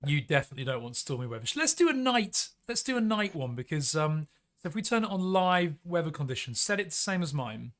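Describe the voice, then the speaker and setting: A man's voice: a little high, sing-song, fast, fairly bright tone. An English man hosting a live flight simulator stream, upbeat and chatty, laughing often and coaxing viewers into the chat.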